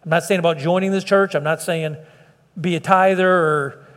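A middle-aged man preaching to his church in an earnest, pleading way, often restarting his sentences. His voice sits a little high for a man. It rings with the long echo of a large sanctuary. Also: fairly even intonation, moderate pace, fairly bright tone. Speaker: pastor. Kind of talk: sermon.

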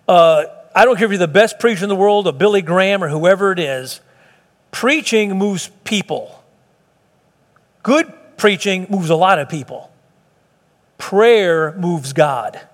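High-voiced pastor preaching in a reverberant hall. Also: male voice. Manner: animated, acts out quotes, sings hymn lines. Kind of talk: sermon. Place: church sanctuary. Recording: long reverb of a large hall.

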